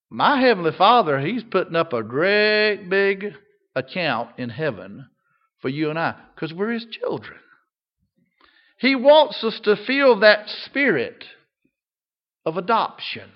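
An older male pastor with a high voice delivers a sermon at a slow, deliberate pace. He swings between loud, emphatic passages and hushed ones. The recording sounds slightly dull and lo-fi.

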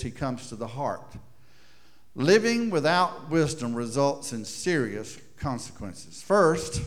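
A middle-aged man preaching a sermon, swinging from loud declarations to hushed asides and slowing down for emphasis. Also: fairly high pitch. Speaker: pastor.

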